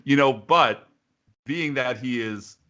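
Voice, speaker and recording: Bright-voiced man hosting a podcast. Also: medium pitch, takes it slowly. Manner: laughing, reactive banter. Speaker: podcast host. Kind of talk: casual chat.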